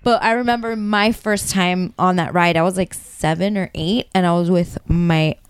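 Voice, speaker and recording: A woman's voice: lowish voice, normal speed, smooth, no room sound, studio quality. Chatty woman telling a story. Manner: chatty storyteller, animated and laughing. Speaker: podcast co-host. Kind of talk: casual chat.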